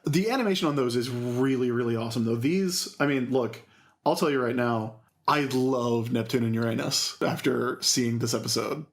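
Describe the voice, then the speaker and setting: A man's voice: mid-range voice, normal speed. A man co-hosting a podcast in casual chat, gushing with enthusiasm. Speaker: podcast co-host.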